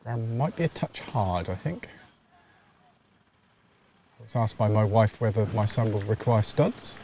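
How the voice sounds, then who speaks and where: A man, a father, calmly giving scores and ground details in casual commentary. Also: on the low side, slight background noise. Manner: measured, informative, reads out scores. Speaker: cricket commentator. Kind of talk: casual live stream commentary.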